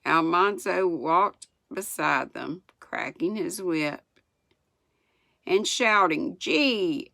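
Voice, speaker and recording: Slow, gravelly older woman reading aloud. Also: sits low, sharp tone, no room sound. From United States. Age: 60s. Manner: unhurried, chuckles at the story. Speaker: storyteller. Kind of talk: reading a children's book aloud.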